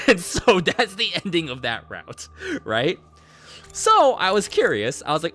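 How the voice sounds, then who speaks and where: A young man streamer recapping a game in a casual, rambling, excitable way, swearing and saying "like" a lot. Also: medium pitch, measured pace, faint music behind.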